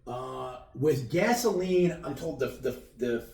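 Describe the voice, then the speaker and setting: A man's voice: medium pitch, expressive, slow, creaky, darkish tone. Casting: male podcast co-host, crude and rambling, roomy distant sound. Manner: rambling, crude, trails off and restarts. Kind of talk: casual banter.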